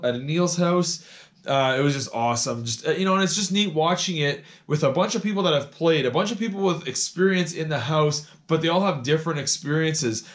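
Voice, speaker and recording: A man from Canada in his thirties talks through a casual recap vlog in a raspy, hoarse voice that sits a little high. He rambles, repeats words and leans on fillers as he goes. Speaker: vlogger recapping a reality show.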